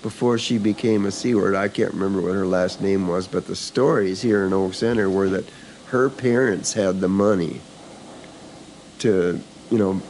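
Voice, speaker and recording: An older man with a low voice tells local history in a loose, rambling manner, often restarting his sentences. He sits in the back room of a country store by a wood stove, with a faint hiss behind him. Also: moderate pace, a little mellow. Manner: rambling, full of restarts and asides. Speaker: store owner and organic farmer. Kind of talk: casual conversational storytelling.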